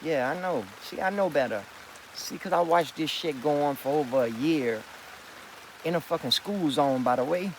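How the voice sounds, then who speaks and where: Man in mid-life, rambling and profane, fairly high voice, faint rain behind. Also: moderate pace, slight background noise, low-quality recording. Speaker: vlogger. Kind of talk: rambling monologue to camera.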